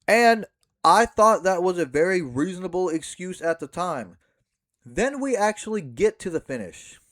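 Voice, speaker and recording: Speaking slowly in a high-pitched voice with big pitch swings, a young backyard wrestler vents to the camera about a match's ending. He curses and reenacts what happened in mocking mimicry.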